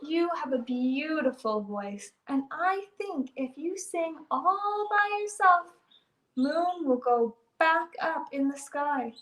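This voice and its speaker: A woman's voice: high voice, slow, a bit bright. A woman voicing a clever, bossy old woman who gives commands firmly, read for a storybook. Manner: firm, commanding. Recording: roomy echo.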